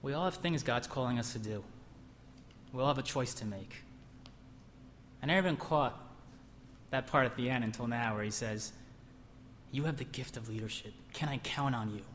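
A man's voice: medium pitch, fairly bright tone, a little hiss or hum. A young man preaching a conversational sermon who sometimes bursts into emphasis. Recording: echoey hall, faint ambience.

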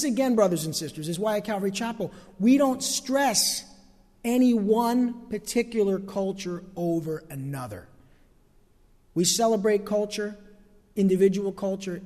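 High-voiced pastor preaching in a reverberant hall. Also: male voice, a little mellow. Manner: emphatic, stretches key phrases, asks the congregation for amens. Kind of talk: sermon. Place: church sanctuary.

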